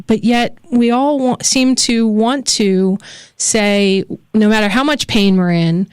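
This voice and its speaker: A woman's voice: medium pitch, smooth, no room sound. A woman hosting a live radio talk show, introducing her guest and asking questions with upbeat, enthusiastic patter.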